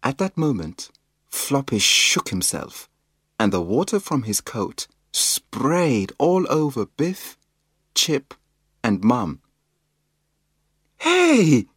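A man reading a children's picture book aloud in a slow, expressive storytelling manner. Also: medium pitch, slightly rough, no echo, clean studio sound. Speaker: storybook reader.

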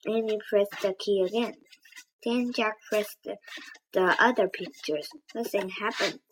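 Woman, reading a kids' book aloud, slow, careful, occasional restarts. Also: mid-range voice, fairly even intonation, background noise.

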